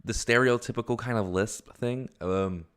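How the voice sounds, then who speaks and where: A man's voice: mid-range voice, moderate pace, a bit bright, smooth. A young man giving a casual read-along of a webcomic, commenting as he goes in a rambling, amused way that keeps interrupting itself. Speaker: webcomic reader.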